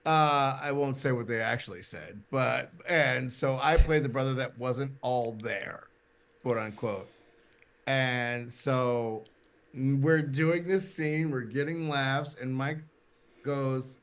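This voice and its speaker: A man's voice: medium pitch, takes it slowly. A middle-aged man, a podcast guest, telling a stage anecdote in casual chat and acting out the voices he quotes. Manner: animated anecdote teller, acts out quoted voices.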